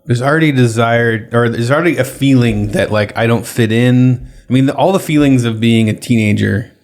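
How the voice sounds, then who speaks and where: Gravelly male podcast co-host. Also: mid-range voice, moderate pace, darkish tone. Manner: joking asides, hesitant fillers. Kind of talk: casual podcast banter.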